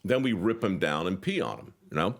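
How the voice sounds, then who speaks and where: A male podcast host with a low voice banters with his guest. His delivery is wry and joking, and his pitch swings expressively as he leans into punchlines. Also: animated, fairly quick. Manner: wry, joking, playful emphasis. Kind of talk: interview conversation.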